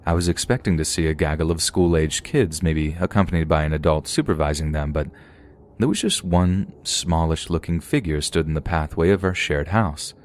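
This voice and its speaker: A man reading a first-person horror story as scripted narration, telling it steadily and slowing down at the tense moments. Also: very deep voice, a little hiss or hum.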